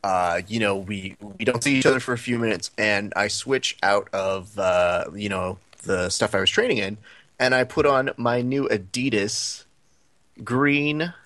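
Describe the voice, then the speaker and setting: A man with a lower voice tells a story on a podcast, casual and animated, and jumps into the other people's lines as he goes. The sound is dry and close to the mic. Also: measured pace, dry recording. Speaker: podcast co-host.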